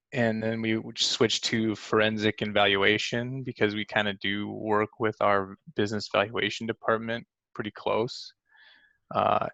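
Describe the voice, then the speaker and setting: Presenting a webinar over video call, the Fargo, North Dakota man in his late thirties talks in a chatty, rambling way with lots of fillers and restarts, his morning voice still groggy. He speaks on the low side with vocal fry and a fairly bright tone; the audio has no echo and its highs are cut off.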